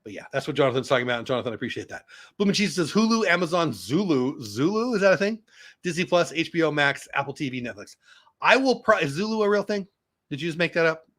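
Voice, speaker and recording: A man in his fifties hosting a casual live stream, reading viewer comments aloud and reacting with excitable, chatty asides. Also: on the high side, fast. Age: 50s. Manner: animated, excitable, talks back to chat.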